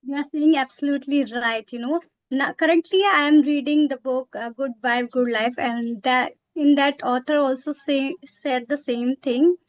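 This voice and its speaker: A woman's voice: high voice, steady tone, normal speed, dry recording. A woman, chatting in a practice conversation and hesitating often with fillers and self-corrections. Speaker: English practice partner.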